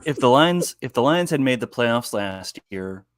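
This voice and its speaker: A man's voice: medium pitch, expressive, measured pace, no room sound, studio quality. A man co-hosting a casual sports chat, hesitant and full of restarts. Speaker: co-host.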